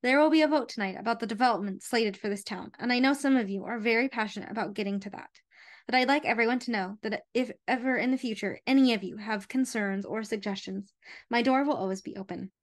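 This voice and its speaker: A woman's voice: on the high side, quick pace, close to an everyday voice. A woman reading aloud the lines of a shy young man addressing a town crowd. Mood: earnest.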